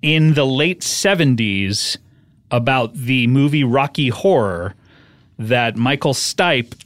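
A man's voice: medium pitch, animated, fairly bright tone, dry recording, clean studio sound. A man co-hosting a podcast in casual chat, joking, laughing easily and swearing freely. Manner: joking, profane, quick to laugh. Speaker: podcast co-host.

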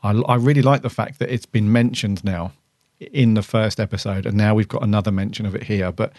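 A man's voice: on the low side, steady tone, a little fast, darkish tone, dry recording, studio quality. A man co-hosting a podcast, chatting casually and giving his opinions with lots of fillers. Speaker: podcast co-host. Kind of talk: casual chat.

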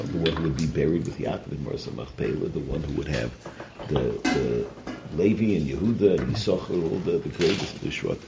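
A man teaching a weekly Torah portion class, earnest and explanatory, often restarting and repeating his words. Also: low-pitched. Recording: noisy recording.

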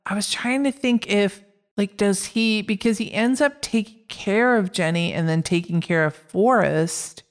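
A woman's voice: medium pitch, measured pace, clear, resonant tone. A woman co-hosting a casual podcast chat, reading out film facts in an upbeat way. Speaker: podcast co-host.

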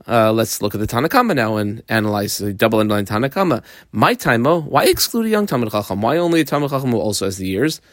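A man leads a Talmud lesson at a middle pitch, reading Hebrew and Aramaic phrases and explaining them in English. He tells the listener where to underline and number the page, pausing with fillers as he goes. The sound is dry and close. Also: a bit bright, dry recording. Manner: explains step by step, telling how to mark the text. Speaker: Talmud teacher. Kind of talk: line-by-line study lesson.

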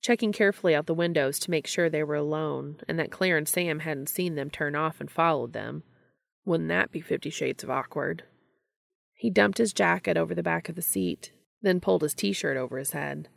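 A woman reading a story aloud in a steady, unhurried storytelling manner. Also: low voice, vocal fry, no room sound, studio quality. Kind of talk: reading fan fiction aloud.

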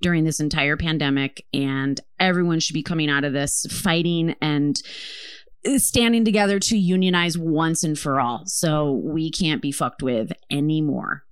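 A woman's voice: low-pitched, moderate pace, clear, resonant tone, no room sound. Woman co-host, heated and foul-mouthed, tells stories, dry close sound. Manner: impassioned, profane, storytelling. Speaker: podcast co-host. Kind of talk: casual chat.

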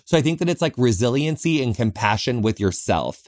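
A man of middle pitch hosts his own podcast and talks earnestly, picking his words slowly with many pauses and restarts. He records in a small closet, so the sound is close and dry, with no room echo. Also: very animated, darkish tone. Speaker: podcast host. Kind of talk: heartfelt solo podcast talk.

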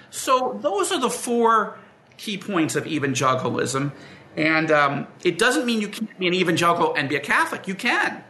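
A man with a high, bright voice teaches in a conversational way, acting out the people in his stories. His pitch swings widely, and the room around him rings with echo. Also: moderate pace. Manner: animated storyteller who acts out the people he quotes. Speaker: guest explaining evangelical beliefs.

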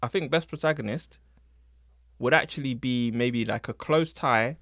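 A man holds forth as a podcast host, animated and slangy, pushing his opinions with plenty of laughs. His voice sits mid-range, and the sound is dry and close with no room around it. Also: mid-range voice, normal speed, no echo. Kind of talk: casual chat.

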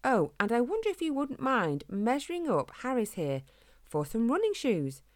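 Woman doing mother hedgehog, storybook, brisk and firm, higher voice. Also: wildly swooping pitch, no echo, clean studio sound.

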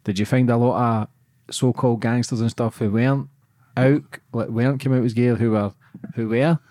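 A Scottish man in his thirties, hosting a podcast, asking halting, gentle interview questions. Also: mid-range voice, steady tone, no echo, clean studio sound. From Scotland. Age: 30s. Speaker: podcast host.

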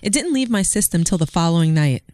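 A woman's voice: fairly low pitch, animated, quick pace, darkish tone, dry recording, clean studio sound. A woman co-hosting a podcast, speaking candidly and reflectively in casual chat. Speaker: podcast co-host.

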